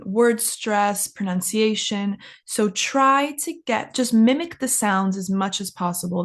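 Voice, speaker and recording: A woman teaching an English lesson, enunciating carefully and exaggerating rising and falling intonation so learners can copy it. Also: medium pitch. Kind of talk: English lesson with shadowing practice.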